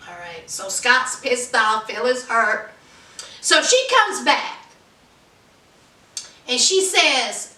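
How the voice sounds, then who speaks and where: A woman recapping a reality show in a casual, animated way, talking straight to her viewers and retelling scenes. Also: sits high, measured pace, recorded from a distance. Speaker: recap vlogger. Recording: echoey room, off-mic.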